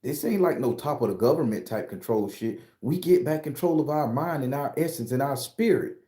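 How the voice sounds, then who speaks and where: This man has a mid-range, dark-toned voice with lively intonation, and he speaks fairly quickly in a roomy-sounding space. A spiritual reader, he shares predictions in a loose, profane, emphatic style, laughing often in a casual vlog.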